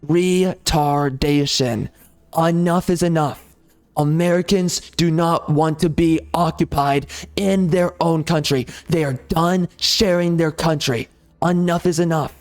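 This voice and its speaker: Guy going off on a heated profane rant over a game, kinda high voice, quiet music in the back. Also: fairly even intonation, measured pace. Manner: heated, profane, repetitive ranting. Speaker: gaming channel host. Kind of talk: ranting commentary over gameplay.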